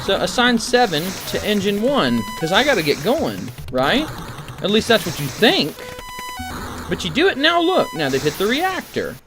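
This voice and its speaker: A man streaming a retro computer game, talking it through in a casual, rambling way. His pitch moves around a lot, sitting a little high for a man, and he drops dry, sarcastic asides. Music plays clearly behind him. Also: wildly swooping pitch, normal speed. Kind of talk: casual gameplay commentary.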